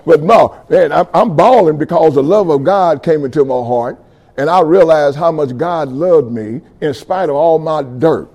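A middle-aged man giving a fervent testimony sermon, calling out to his audience and building to loud passages. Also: fairly high pitch, lively intonation, a little fast, dull audio. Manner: call-and-response with audience, rising fervor.

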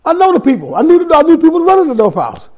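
A man's voice: very high voice, huge pitch swings, rapid-fire, lo-fi sound. A man preaching a sermon, telling his own testimony with street slang, scripture and repeated words.

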